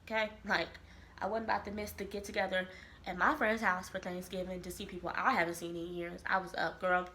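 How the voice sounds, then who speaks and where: A woman from Kansas City, telling a personal story to camera in a lively, expressive way. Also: fairly low pitch, brisk, background noise. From Kansas City, Missouri. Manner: animated, expressive storytelling with quoted voices. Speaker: vlogger. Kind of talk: casual storytelling.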